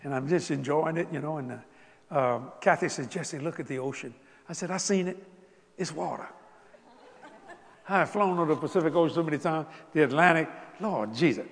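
A man preaching a sermon as a story, animated, swinging from soft asides to loud bursts. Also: on the high side, a little fast, gravelly. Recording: long hall reverb.

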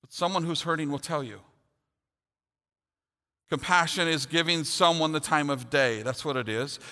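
Middle-aged preacher, bright voice, echoing hall. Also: male voice, fairly high pitch, moderate pace. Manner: earnest, builds to humorous storytelling. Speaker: pastor. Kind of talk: sermon with personal story. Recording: long hall reverb.

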